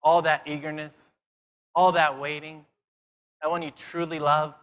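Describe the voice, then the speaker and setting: Brief: man, fairly high crisp voice, conference sermon, quizzes the crowd. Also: a little slow. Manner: lively, fires questions at the audience; self-mocking asides. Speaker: conference speaker.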